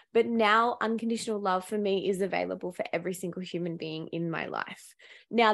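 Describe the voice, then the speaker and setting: A woman's voice: mid-range voice, vocal fry. A woman, possibly, hosting a solo podcast, talking in a candid, earnest way with casual swearing and frequent laughs. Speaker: podcast host. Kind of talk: reflective solo podcast talk.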